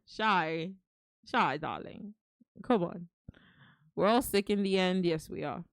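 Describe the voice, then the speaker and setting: A woman's voice: fairly low pitch, slow pace, gravelly, dry recording, clean studio sound. A woman streamer chatting casually with her viewers, affectionate and talkative, calling them darling. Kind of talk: casual live-stream chat.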